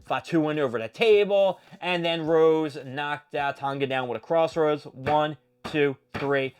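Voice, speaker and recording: A man hosting his own show, giving a casual, animated wrestling recap with swearing and quick impressions. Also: fairly high pitch, clear, resonant tone. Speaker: show host.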